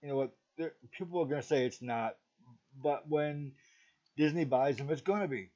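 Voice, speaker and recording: A man's voice: on the high side, moderate pace, warm tone. A middle-aged man reviewing a movie in a casual, rambling talk, often stopping to ask "okay?". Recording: dull lo-fi recording.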